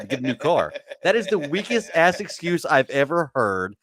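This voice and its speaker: A man's voice: fairly high pitch, very animated, normal speed, a crowd in the background. A man co-hosting a sports podcast, bluntly ranting in casual chat. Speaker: podcast co-host.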